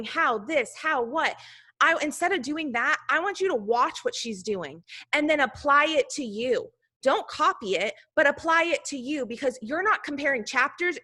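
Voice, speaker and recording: Woman, team leader, motivational talk, bright voice, talkative, casual filler words. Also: high voice. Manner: talkative, chatty, heavy use of "like". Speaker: team leader speaking to her sales team.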